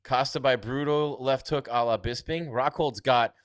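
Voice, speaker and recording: A man's voice: mid-range voice, moderate pace, dry recording, studio quality. Chatty man hosting a live fight stream. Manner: chatty, reads viewer comments aloud, trails off quietly. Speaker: livestream host reading chat. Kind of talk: casual live-stream commentary.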